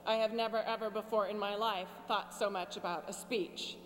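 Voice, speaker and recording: A woman in her forties giving a commencement speech from a podium, with wry, sarcastic humor and deadpan asides. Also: medium pitch, normal speed. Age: 40s. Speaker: commencement speaker. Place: large graduation ceremony venue. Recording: long hall reverb with faint hum.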